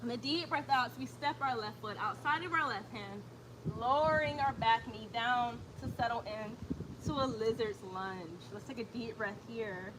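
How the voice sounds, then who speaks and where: Woman yoga instructor, fairly high voice, calm breath cues, noisy background. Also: normal speed. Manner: calm breath cues, chatty when reading comments.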